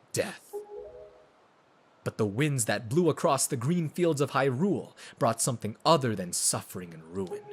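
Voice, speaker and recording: A man voicing a menacing male demon king sorcerer in a video game, speaking slowly and solemnly. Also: lowish voice, a little hiss or hum. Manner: slow, solemn, theatrical delivery.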